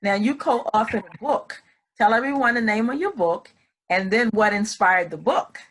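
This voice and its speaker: A woman's voice: medium pitch, animated, moderate pace, a bit bright. Woman host asking interview questions.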